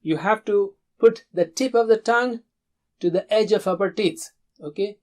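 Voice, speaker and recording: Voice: medium pitch, a little mellow. A Quran recitation teacher leading a pronunciation drill, modelling syllables and words for students to repeat and correcting common mistakes patiently. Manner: models syllables slowly for repetition.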